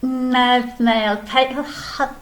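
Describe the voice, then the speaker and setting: High-voiced, patient kindergarten teacher. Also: female voice, fairly even intonation, drawn-out words. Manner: patient, gently explaining, sing-song. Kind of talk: children's video lesson. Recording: echoey room, faint background ambience.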